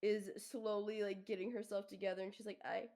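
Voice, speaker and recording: A woman's voice: medium pitch, little pitch movement, brisk, warm tone. A woman playing in a tabletop game, describing her character's actions in a casual, hesitant way. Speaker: player.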